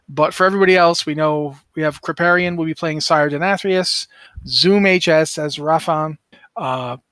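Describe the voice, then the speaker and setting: Middle-aged male podcast co-host, rambling and self-correcting, slightly high voice, dry close mic. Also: moderate pace, bright, forceful tone, no echo. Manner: rambling, self-correcting, apologetic about names. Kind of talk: casual podcast chat.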